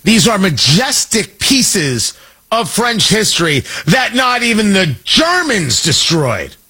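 A man hosting a talk radio show, giving an emphatic, mocking political commentary monologue with drawn-out stresses. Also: sits high, very animated, pushed and bright, breathy edge.

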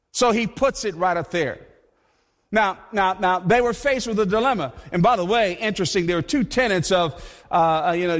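A male pastor preaching a sermon in an animated, conversational way, often repeating his words. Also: very high voice. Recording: long hall reverb.

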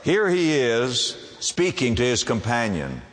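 A man preaching a sermon to a congregation, emphatic and quick to ask them rhetorical questions. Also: medium pitch, wildly swooping pitch, big-room sound.

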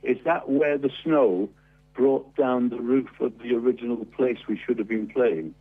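A man joins a radio interview as a guest musician, making short interjections. His voice is husky and comes through a tinny phone line. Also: mid-range voice, normal speed.

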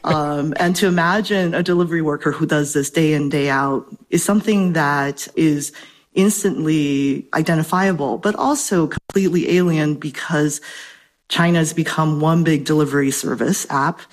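A woman's voice: low-pitched, normal speed. A woman professor answering interview questions in an articulate, academic way, slightly out of breath. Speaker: professor and guest expert.

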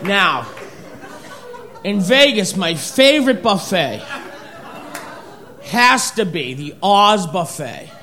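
Very high-voiced theatrical male comic. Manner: animated, theatrical storytelling with sung lines. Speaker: stand-up comedian. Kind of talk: stand-up comedy. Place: live comedy stage with audience. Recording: live stage recording with crowd noise.

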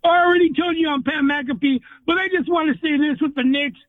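Opinionated male caller, very high voice, tinny phone line, dry. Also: fairly quick, dry recording. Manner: opinionated, argumentative. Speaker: regular caller. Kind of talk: phone-in sports debate.

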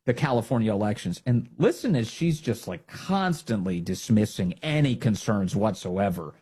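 A man's voice: fairly low pitch, lively intonation, normal speed, dark tone, slightly rough. A man hosting a political commentary show, talking in a sarcastic, mocking and indignant way.

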